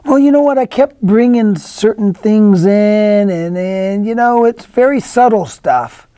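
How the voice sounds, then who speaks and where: A man's voice: sits high, a little slow, dark tone, smooth, no echo. A middle-aged male actor in a casual interview, rambling through anecdotes with many restarts and acted-out quotes. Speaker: actor guest.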